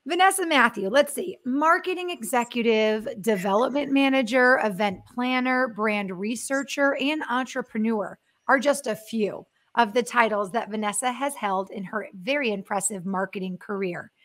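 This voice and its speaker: A woman's voice: fairly high pitch, moderate pace, few pauses, fairly bright tone. A woman hosting a marketing webcast, reading a sponsor message and introducing a guest in an upbeat, enthusiastic way that breaks into easy laughter. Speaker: show host.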